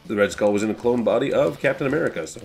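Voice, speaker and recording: A YouTube host with a mid-range, creaky voice talks rapid-fire over faint music while playing an old arcade game. His commentary is loose and rambling, peppered with casual swearing and jokes at his own expense.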